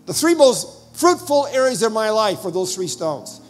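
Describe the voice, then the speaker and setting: An older man preaching a sermon, telling personal stories with animated retelling of dialogue and sudden loud bursts. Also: sits high, moderate pace, soft background music. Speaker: visiting preacher.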